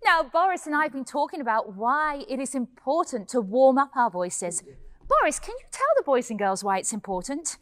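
A woman's voice: high-pitched, big pitch swings, normal speed. A woman playing a bubbly fairy-tale heroine. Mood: cheerful. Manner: bubbly, giggly, sing-song, addresses children. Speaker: pantomime performer teaching children. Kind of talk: pantomime children's vocal lesson. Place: indoor hall.

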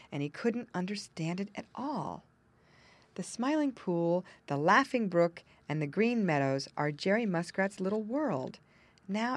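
A woman narrating a children's storybook aloud with expressive storytelling emphasis. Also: on the low side, dry recording. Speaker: audiobook narrator.

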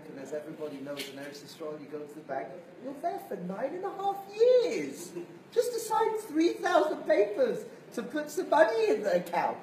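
Animated rabbi. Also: male voice, high voice, normal speed. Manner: animated storyteller, acts out voices. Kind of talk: sermon-style lecture. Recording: roomy, distant mic, faint hiss.

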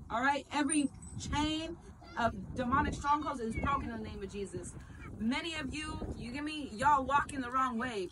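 Street evangelist woman from Arizona, fervent and a bit high, vlogging outside by a store over traffic noise. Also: fairly quick. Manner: fervent, preachy, says things loudly. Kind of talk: casual vlog preaching. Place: outdoors by a store.

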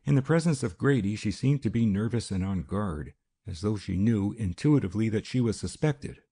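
A man narrating a detective novel as an audiobook in a measured, even reading style. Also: lowish voice, breathy edge. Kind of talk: scripted narration.

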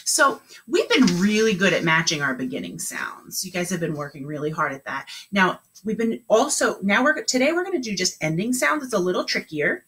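A woman's voice: fairly low pitch, very animated, brisk, hardly any pauses, a bit bright. A woman teaching a remote kindergarten lesson, talking in an encouraging, sing-song way with lots of praise.

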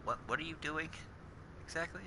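A man commentating his video game play, excitable and swearing, shouting at what happens on screen. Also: on the high side, brisk, a little hiss or hum. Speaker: streamer. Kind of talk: gameplay commentary. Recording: game sounds over the voice.

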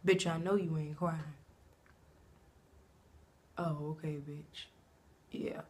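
A young woman in her twenties from Savannah, Georgia, talking brashly and profanely about herself to camera, breaking into loud bursts. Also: low voice, fairly even intonation, takes it slowly. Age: 20s. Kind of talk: casual self-introduction to camera.

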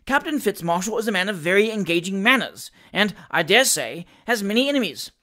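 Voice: mid-range voice, expressive, a little fast, sharp tone. A reader voicing a pompous, flustered male country magistrate in an audiobook, stern and blustering with some stammering.

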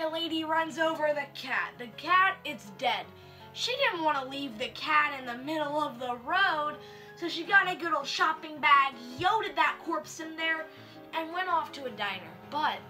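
Bright, high-voiced sarcastic young woman. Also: measured pace, soft background music. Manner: sarcastic, slangy and deadpan. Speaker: host. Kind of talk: comedic story review.

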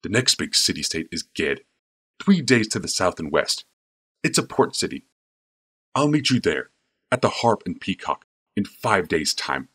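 A man reading an audiobook, voicing a stern, protective older male mage in firm, low-voiced urging with a husky tone. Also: sing-song, measured pace, pauses often, fairly bright tone, full character voice. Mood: urgent, firm. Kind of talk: audiobook character voice.

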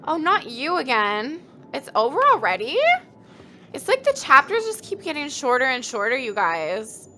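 A woman's voice: high voice, wildly swooping pitch, normal speed, pushed and bright, a little hiss or hum. A woman streamer giving brash, profane commentary on a horror game. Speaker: gaming streamer. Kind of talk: crude casual let's-play commentary.

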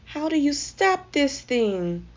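A woman voicing a small, excitable male circus mouse in a storybook read-aloud, with an eager, loud manner. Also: a little high, measured pace, voice pushed up. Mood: shouting. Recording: slightly dull lo-fi audio.

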